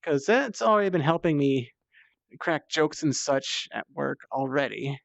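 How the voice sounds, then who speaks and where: A slightly high-voiced man rambles as he climbs in VR, tired and thirsty, chatty and self-deprecating. His headset mic sounds dry and dead, with a dull, lo-fi tone. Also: expressive, a little slow, gravelly, no room sound. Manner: chatty and self-deprecating, swears when strained. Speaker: VR streamer. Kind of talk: casual rambling while playing.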